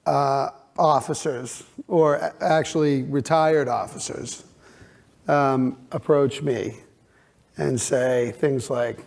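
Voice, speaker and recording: A man's voice: medium pitch, takes it slowly, gravelly. A man, an actor, telling laughing stories to his castmates in casual conversation. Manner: laughing, lively storytelling with acted quotes.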